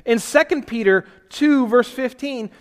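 A man's voice: very high-pitched, measured pace, clear, resonant tone. A man pastor giving a sermon, reading scripture aloud and then explaining it in a loose, conversational way with self-deprecating asides.

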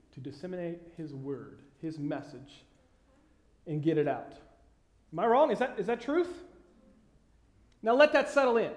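A high-pitched pastor preaches a sermon conversationally, with many fillers and pauses, building toward emphatic questions. The room is echoey.

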